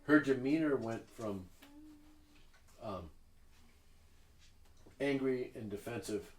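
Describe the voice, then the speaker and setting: A man's voice: mid-range voice, slow pace. A man narrating as dungeon master in a casual, rambling way with many fillers. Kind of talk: narrating a tabletop game. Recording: echoey room with faint noise.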